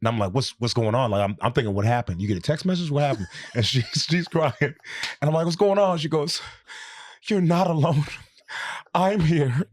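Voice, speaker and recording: A male comedian chats as a podcast guest, in a mid-range voice. He talks expressively and jumps loudly into acted-out bits of his stories. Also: medium pitch, lively intonation, quick pace. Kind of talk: casual chat.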